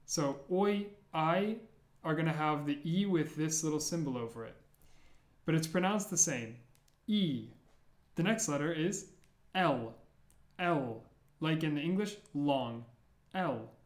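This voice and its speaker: Man teaching slowly in an echoey room. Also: a little high, animated. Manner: repeats sounds slowly and clearly. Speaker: language teacher. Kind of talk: slow, careful alphabet lesson.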